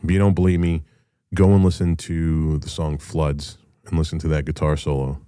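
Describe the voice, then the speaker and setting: A man's voice: very deep voice, little pitch movement, moderate pace, warm tone, clean tone, dry recording, studio quality. A middle-aged man, a rock musician hosting a show, talking in a casual solo monologue, blunt, profane and passionate, rambling with restarts.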